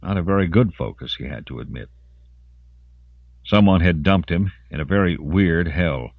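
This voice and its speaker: A man narrating an audiobook in an expressive voice, lingering on grim detail. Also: sits low, normal speed, dry recording, muffled recording. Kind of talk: scripted narration.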